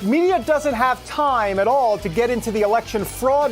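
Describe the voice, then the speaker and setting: A man's voice: extremely high pitch, moderate pace, faint music behind. A man hosting a talk show, giving sarcastic, incredulous commentary. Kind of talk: opinion commentary.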